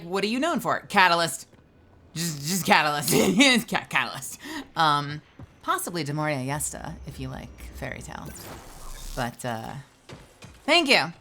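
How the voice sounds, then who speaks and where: A young woman talks to her stream chat while gaming, her bright voice swinging high and low with lots of laughter. She jumps into loud, excited outbursts now and then. A faint hiss sits under the voice. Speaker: streamer and voice actor.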